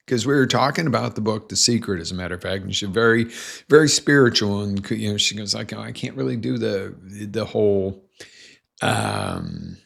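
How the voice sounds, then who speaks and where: A man's voice: lowish voice, very animated, moderate pace, creaky, fairly bright tone. A middle-aged man coaching on a live show from a small studio, telling a story and acting out both sides of the conversation. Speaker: motivational coach. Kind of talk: casual live-show monologue.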